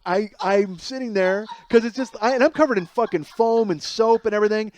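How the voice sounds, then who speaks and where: A man in his forties telling a comic story alone as a podcast host, animated and self-mocking, with plenty of swearing, going from loud outbursts to low mutters. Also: brisk, hardly any pauses. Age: 40s. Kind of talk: solo comedic storytelling.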